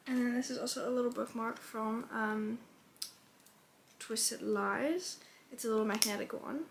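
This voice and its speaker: A young woman chats in a casual home reading vlog, with a voice that sits a bit high for a woman. She is expressive and swears freely, gushing one moment and exasperated the next. A faint noise sits under the recording. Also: gravelly. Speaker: book vlogger.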